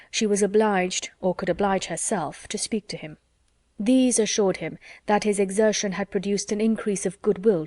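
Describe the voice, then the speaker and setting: Woman narrator, classic novel audiobook, measured delivery, close dry sound. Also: medium pitch, dry recording. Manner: measured, even storytelling.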